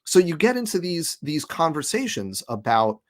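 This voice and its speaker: A man talking as a guest scientist in a casual conversation, speaking emphatically with an exasperated edge and quick asides. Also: a little high, sing-song.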